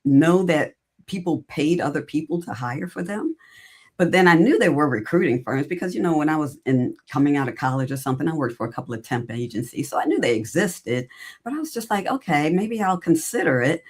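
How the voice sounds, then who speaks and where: A woman's voice: low voice, brisk, slightly rough. A middle-aged woman, a guest on an interview show, telling her career story in a casual way and acting out her own past conversations. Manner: animated, acts out her own past dialogue. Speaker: podcast guest, recruiting entrepreneur.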